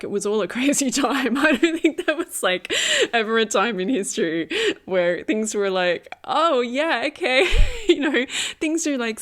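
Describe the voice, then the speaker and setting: A woman giving a casual spiritual tarot reading. She is chatty, laughs often, uses many fillers and repeats phrases for emphasis. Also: lowish voice. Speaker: tarot reader.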